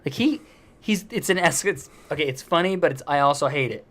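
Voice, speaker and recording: Animated man telling stories on a podcast. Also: on the high side, a little fast. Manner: animated storyteller, acts out quotes with loud outbursts. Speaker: podcast co-host. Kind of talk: casual chat.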